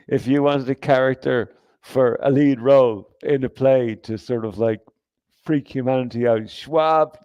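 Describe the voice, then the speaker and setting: Gravelly man ranting on a livestream. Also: medium pitch, dark tone, no echo, highs cut off. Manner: profane, rambling, emphatic with repeated restarts. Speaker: livestream host. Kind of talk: casual livestream rant reading chat.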